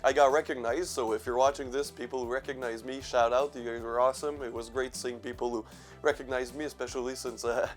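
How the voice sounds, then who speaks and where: A man's voice: mid-range voice, fairly even intonation, a little fast, soft background music. A young man hosting a casual vlog, stuffy from allergies, rambling, self-mocking, swearing and laughing as he goes. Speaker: horror movie channel host.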